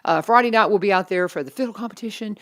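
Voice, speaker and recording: A woman, hosting a casual morning radio chat in a chatty, animated way. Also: medium pitch. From Kentucky Lake region. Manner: chatty and animated, quick asides. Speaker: radio host.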